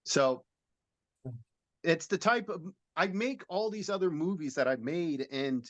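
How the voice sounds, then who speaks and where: A man's voice: on the high side, expressive, a little slow, fairly bright tone, no room sound, muffled recording. A middle-aged man, a film director, being interviewed and describing a film idea in an earnest, rambling storytelling way.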